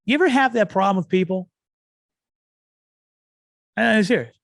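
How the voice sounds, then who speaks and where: A man's voice: high-pitched, lively intonation, moderate pace, gravelly, dry recording. A man hosting a podcast, rambling through a comic rant. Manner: ranting, rambling, acts out yelling. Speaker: podcast host. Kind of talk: comedic rant.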